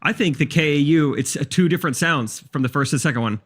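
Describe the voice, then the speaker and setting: A man's voice: on the high side, quick pace, fairly bright tone, husky. A man teasing and laughing his way through a casual podcast chat. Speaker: podcast guest.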